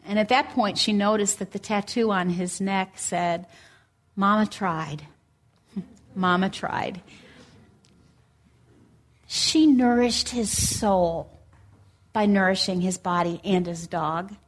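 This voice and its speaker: A woman preaching a sermon, telling a story in a gentle, earnest way and reading scripture aloud. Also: medium pitch, a little slow.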